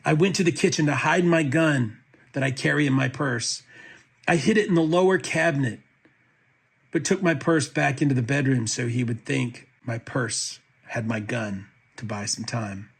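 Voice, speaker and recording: Guy w a husky kinda breathy voice, reading out legal docs, steady and even. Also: mid-range voice, normal speed. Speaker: commentator reading court records. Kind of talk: reading documents aloud.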